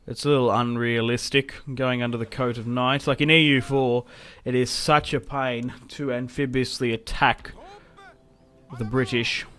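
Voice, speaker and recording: A man's voice: mid-range voice, level tone, normal speed. Chatty young man commentating a game. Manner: chatty, reacts loudly to setbacks, self-mocking laughs. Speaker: gaming YouTuber. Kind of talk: casual gameplay commentary.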